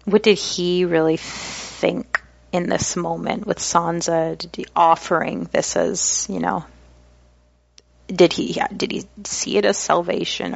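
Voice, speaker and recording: A woman's voice: lowish voice, gravelly, breathy edge, dry recording. A woman co-hosting a podcast, chatting casually with laughing asides and reading book passages aloud. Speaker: podcast co-host. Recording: slightly dull dry lo-fi recording.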